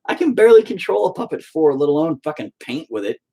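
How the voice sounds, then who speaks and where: A man's voice: on the high side, very animated, fast talker, creaky, dark tone, breathy edge. A man streaming live as he paints, chatting casually in a profane, exasperated rant. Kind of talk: casual livestream chat.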